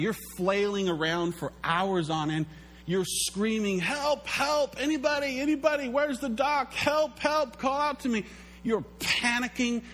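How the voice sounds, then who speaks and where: Male pastor giving a sermon; animated storyteller with a slightly high pitch and faint hum in the background. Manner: animated storytelling, acts out quotes.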